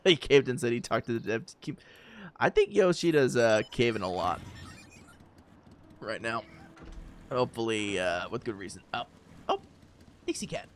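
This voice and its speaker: A man's voice: medium pitch, big pitch swings, a little slow, long pauses, a little hiss or hum. A man chatting casually to his viewers while streaming a game, rambling with fillers and easy laughs. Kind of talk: casual gaming stream chat.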